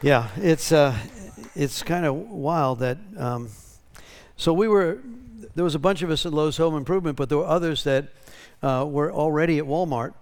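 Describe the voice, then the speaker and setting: A pastor with a fairly high-pitched male voice speaks casually to his congregation at a moderate pace. He draws out testimonies and keeps checking in with tag questions like "right?"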